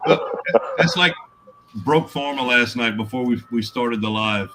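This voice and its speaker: A man's voice: medium pitch, a little slow, noisy background. A man talking at length in a casual live-stream chat, explaining his points.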